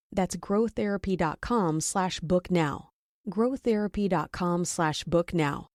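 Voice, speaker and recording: Mellow woman reading an ad. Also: lowish voice, unhurried, no room sound, clean studio sound. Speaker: ad reader. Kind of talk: scripted ad read.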